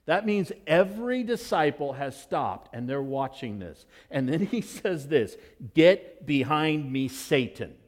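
Pastor guy preaching, voice swings all over, kinda high for a man. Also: unhurried, hardly any pauses. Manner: animated, expressive storytelling. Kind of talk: sermon.

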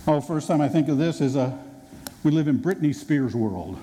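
A male pastor preaching a sermon in a conversational, animated way, acting out quotes, recorded in a reverberant hall. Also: on the high side, normal speed. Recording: reverberant hall with faint noise.

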